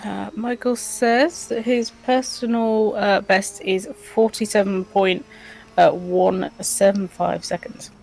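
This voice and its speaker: Woman co-host on a game stream, unhurried, hesitant, giggly, mid pitch. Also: steady tone, gravelly, darkish tone, a little hiss or hum. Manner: slow, hesitant, many ums, giggly. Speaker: livestream co-host. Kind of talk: casual chat, reading viewer comments.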